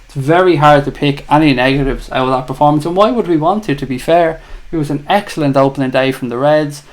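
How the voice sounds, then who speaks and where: A man's voice: fairly high pitch, quick pace. A man with an Irish accent hosting a live fan chat show, reading out viewer comments and bantering in a chatty, teasing way. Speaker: livestream host.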